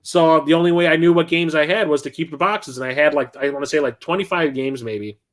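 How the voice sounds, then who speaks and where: A man's voice: fairly high pitch, brisk. A middle-aged man hosting a livestream, telling a rambling anecdote and acting out the people in it. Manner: rambling anecdotes with animated quoted voices. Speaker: livestream host. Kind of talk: casual storytelling on a livestream.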